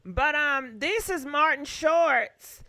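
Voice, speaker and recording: A woman hosting a casual gossip livestream, animated and profane, talking straight to her viewers. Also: high voice, takes it slowly.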